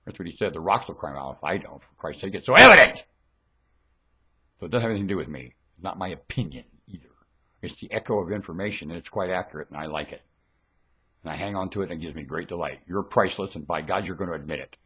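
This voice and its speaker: A man giving a rambling, scornful religious monologue into a webcam at home, dropping to low mutters and then bursting into shouts. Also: rapid-fire, breathy edge. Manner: preachy, scornful, lectures the listener.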